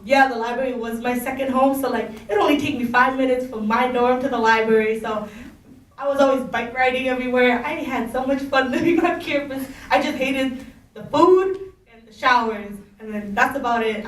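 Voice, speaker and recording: Chatty young woman speaker, high voice, giggly, heard from across an echoey room. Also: far from the mic. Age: young adult. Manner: chatty, giggly, says "like" a lot. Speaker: college panel speaker. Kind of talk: casual talk to students. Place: school room.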